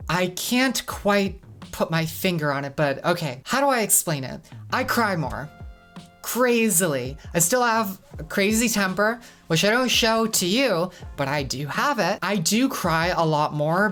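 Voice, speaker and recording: A woman's voice: fairly low pitch, fairly bright tone. A woman talking candidly to camera in a casual, reflective vlog. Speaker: vlogger.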